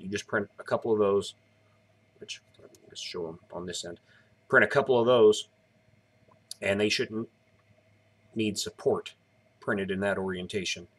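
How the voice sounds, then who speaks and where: A man's voice: fairly low pitch, a bit bright. A tired man in his thirties chatting casually on a live stream, rambling as he explains each step. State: tired, yawning.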